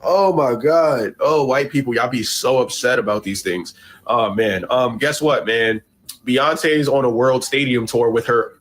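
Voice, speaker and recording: A man giving animated, mocking commentary on a social media clip. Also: medium pitch.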